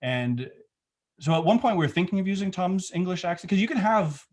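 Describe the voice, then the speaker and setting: A man's voice: sits high, animated, fairly quick, darkish tone. Man talking loosely over a video call. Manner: thoughtful, rambling with restarts. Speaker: film director guest. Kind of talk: casual remote interview.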